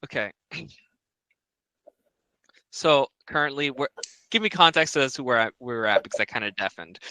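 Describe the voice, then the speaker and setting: A man's voice: medium pitch, animated, normal speed, pushed and bright, smooth, no room sound, poor audio. A man playing in a tabletop game over a voice call, flustered and defensive, often laughing things off. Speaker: player.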